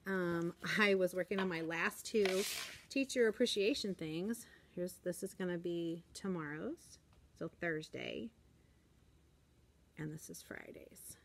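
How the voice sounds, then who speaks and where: A woman in her forties, a teacher, chatting upbeat and casual in her classroom while she shows things to a handheld camera. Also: slight background noise. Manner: chatty and upbeat, acts out kids in a high voice. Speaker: elementary school teacher. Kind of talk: casual classroom vlog chat. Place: classroom, indoors.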